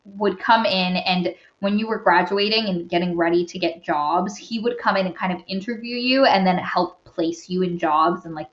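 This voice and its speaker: A woman's voice: mid-range voice, a bit bright. Podcast co-host, woman, casual rambling recap with fillers, roomy and lo-fi. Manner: rambling retelling full of fillers and asides. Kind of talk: casual book-review chat. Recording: roomy dull lo-fi recording.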